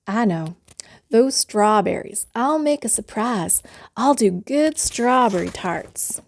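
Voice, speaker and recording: Woman doing a bright, raised storybook housekeeper voice: earnest, chirpy, matter-of-fact, taking everything literally. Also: a little high, animated, takes it slowly, creaky, full character voice. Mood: cheerful, stubborn. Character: cheerful literal-minded grown woman housekeeper. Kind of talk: storybook character voice.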